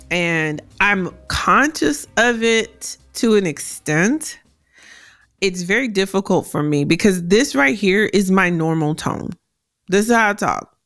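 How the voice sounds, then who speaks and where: Woman podcast host, deep carrying voice, dry close mic, straight-talking and lively. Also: clear, resonant tone, dry recording. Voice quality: deep voice that carries. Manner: direct, animated, laughs often. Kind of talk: solo career advice podcast.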